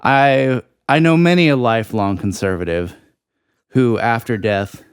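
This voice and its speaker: A man co-hosting a podcast, giving a mock-serious explanation in a dry, ironic, deliberate way. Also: mid-range voice, clean tone, no room sound. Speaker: podcast co-host. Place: podcast studio.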